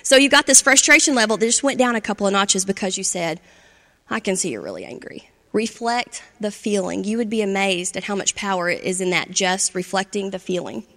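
A woman's voice: mid-range voice, a little fast, hardly any pauses, fairly bright tone, in a large hall. A woman giving an instructional talk on parenting, conversational and often checking in with "right?" and "okay?".

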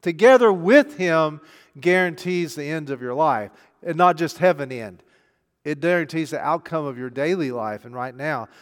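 A man preaching a sermon. He asks rhetorical questions and swings between hushed, intimate passages and emphatic, raised ones. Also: on the high side, normal speed. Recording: long hall reverb.

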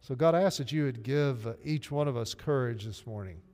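Southern pastor preaching in a reverberant church. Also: male voice, medium pitch, a little fast, darkish tone. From Arkansas. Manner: earnest, direct, addresses the congregation. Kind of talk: sermon. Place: church sanctuary. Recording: long hall reverb, faint music. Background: faint music.

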